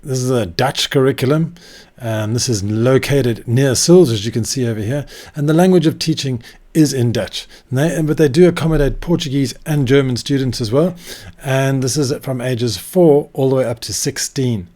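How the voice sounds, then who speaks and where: A man's voice: medium pitch, moderate pace, mellow. A man hosting a casual explainer vlog, talking in a chatty, conversational way with asides to his viewers, recorded indoors. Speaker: vlog host. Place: indoor room.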